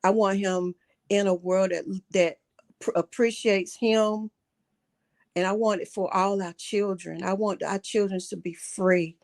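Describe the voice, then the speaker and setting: A middle-aged woman calling in to a livestream talk show, speaking earnestly and haltingly, often repeating herself. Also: mid-range voice, steady tone, gravelly, a little mellow. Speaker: caller.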